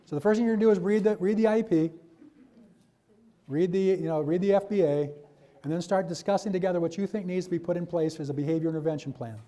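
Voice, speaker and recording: A man's voice: sits high, fast, dark tone. A man presenting a workshop, giving loose, chatty instructions to a room with many restarts.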